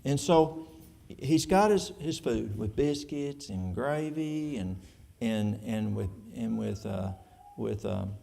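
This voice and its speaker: Church elder, male, East Tennessee Appalachian accent, folksy and plain-spoken, dark gravelly tone. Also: lowish voice, expressive, slow. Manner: folksy, plain-spoken, drawling with colloquial speech. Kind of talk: answering audience questions in church.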